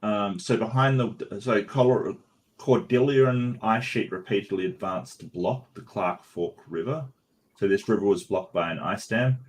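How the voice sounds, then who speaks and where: A man hosting a casual panel discussion, halting and full of fillers and restarts. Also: lowish voice. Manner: hesitant, many fillers and restarts. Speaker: host.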